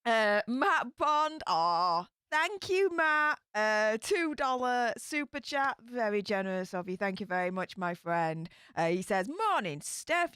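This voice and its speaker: Lively upbeat Yorkshire woman. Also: medium pitch, slow pace, smooth, no room sound, studio quality. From Yorkshire, England. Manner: upbeat, chatty, bursts of excitement. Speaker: livestream host. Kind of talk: casual livestream chat reading comments.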